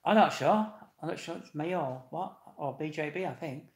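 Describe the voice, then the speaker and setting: A man hosting a live stream, chatting and laughing as he reads out viewers' comments and greets them loudly. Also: on the high side, normal speed. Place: echoey indoor room. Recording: echoey room.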